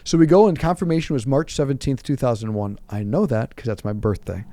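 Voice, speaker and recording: Fast-talking man with a dark voice. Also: medium pitch. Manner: animated, self-deprecating, acts out quotes. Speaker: priest, podcast guest. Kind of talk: casual storytelling conversation.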